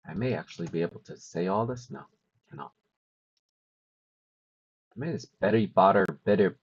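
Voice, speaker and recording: A man chatting on a live stream, trading wry and teasing remarks. His voice is low and husky, and it comes through a somewhat muffled, dull recording. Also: lively intonation, moderate pace. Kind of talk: casual live-stream chat.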